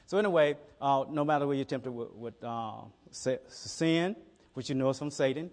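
A man's voice: mid-range voice, moderate pace, darkish tone. A middle-aged man preaching a conversational sermon, telling stories in a folksy way and often repeating his words. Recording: reverberant hall.

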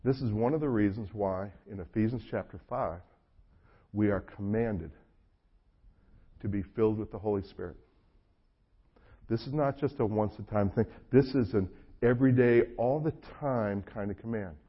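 A man's voice: fairly low pitch, normal speed, long pauses, breathy edge. A man from North Carolina with a Southern US accent, preaching a sermon as a pastor in a conversational, joking storytelling way. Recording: dull lo-fi recording.

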